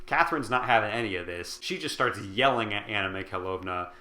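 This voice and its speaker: A man's voice: lowish voice, a little fast, pushed and bright. A tipsy man casually recapping a book, rambling with lots of fillers and swearing. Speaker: host. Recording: roomy echo.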